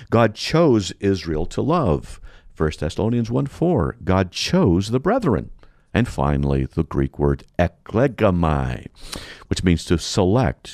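A deep-voiced man teaching Bible doctrine on his radio show, his pitch rising and falling in animated swings. He works through scripture references methodically and leans hard on key words. His voice sits close and dry, with no room sound. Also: dry recording. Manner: methodical, reads scripture references in quick succession; emphatic, stresses Greek terms. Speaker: radio show host, apologist.

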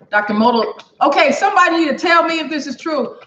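Woman cooking and chatting to her viewers, loud and excitable, roomy echo, kinda dull lo-fi sound. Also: high-pitched, quick pace, a little hiss or hum. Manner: chatty and exclamatory, speaks directly to viewers. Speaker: cooking livestream host. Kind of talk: casual chat while cooking and reading viewer comments. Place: home kitchen. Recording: echoey room, dull lo-fi sound.

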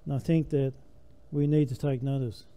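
A man's voice: medium pitch, fairly even intonation, normal speed, mellow, clear, resonant tone. An older man preaching a sermon in a church, emphatic, his voice rising and falling with the message.

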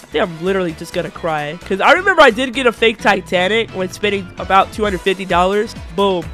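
A young man talks through his gameplay in loose, slangy commentary. His voice sits very high and sounds bright and sharp, and he stammers and repeats himself as he goes. Light game music plays under him. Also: fast talker. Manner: excitable, shouts and laughs at big wins. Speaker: gaming YouTuber.

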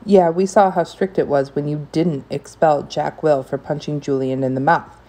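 A woman reading aloud voices an indignant, sharp-tongued mother, raising her voice with heat. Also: low-pitched, steady tone, normal speed. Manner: raised, heated delivery.

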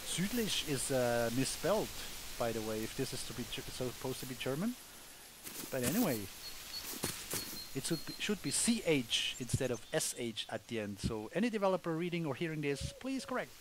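A man's voice: mid-range voice, very animated, moderate pace, noisy background. A man casually commenting on a hunting video game as he plays, thinking aloud with wry asides. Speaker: gamer, let's play host.

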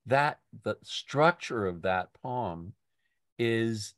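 Older man, poetry discussion leader, slow halting speech, low voice, dry close sound. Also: no room sound. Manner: halting, many restarts and fillers. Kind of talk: casual literary discussion.

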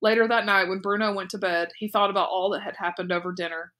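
Woman teacher, read-aloud narration, steady clear delivery, bright forceful tone. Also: medium pitch, quick pace.

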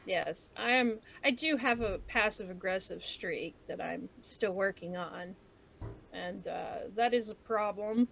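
Bright-voiced candid woman chatting. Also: mid-range voice, measured pace, creaky, a little hiss or hum. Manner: candid, self-mocking, laughs often. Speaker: podcast co-host. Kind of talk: casual chat.

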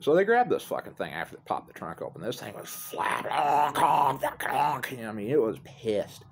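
A middle-aged man outdoors by some apartments films himself on his phone, casually spinning a rambling, profane tale at his own expense. His fairly low voice swings hugely in pitch at a quick pace, with slight background noise.

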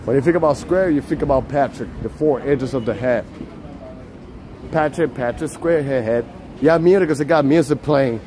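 A vlogger from Puerto Rico walks and films a city street, joking, chatting casually and laughing a lot. His voice is mellow and medium-pitched at a moderate pace, with slight background noise.

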